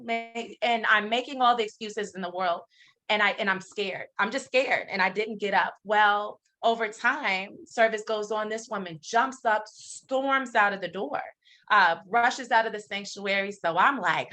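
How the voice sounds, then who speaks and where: A middle-aged woman, a guest in a casual interview, telling a personal story in an animated, candid way, often pausing on "um". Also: medium pitch. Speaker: interview guest, company founder.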